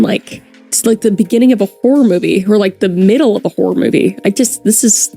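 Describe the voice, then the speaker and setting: A woman's voice: medium pitch, quick pace, vocal fry, mellow, breathy edge, no echo, faint music behind. A young woman streamer, unwell with a headache, reading Reddit posts in a rambling, casual, self-deprecating way while she plays a game.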